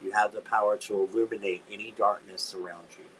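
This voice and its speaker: A man's voice: fairly low pitch, flat delivery, fast talker, fairly bright tone, slight background noise. A man hosting a live-stream tarot reading, chatty and given to dramatic squeals of disgust. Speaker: tarot reader, channel host.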